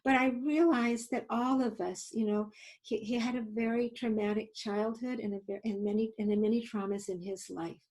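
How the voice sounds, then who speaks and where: An older woman with a high, squeaky voice, leading a webinar workshop and telling stories with many fillers and restarts. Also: fairly even intonation, moderate pace, a little mellow. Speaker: workshop leader and webinar presenter. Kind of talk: storytelling in a webinar talk.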